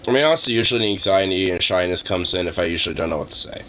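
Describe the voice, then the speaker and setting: Deep-voiced young man chatting casually. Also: rapid-fire, sharp tone, slight background noise, rough recording. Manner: rambling, crude, jumps to a high baby voice with his dog. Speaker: streamer. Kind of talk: casual chat.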